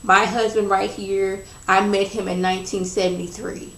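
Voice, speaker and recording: A woman voicing a self-assured older wife who calmly defends her husband, recorded in a roomy space. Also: medium pitch, normal speed, lightly acted. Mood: cold. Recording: roomy echo.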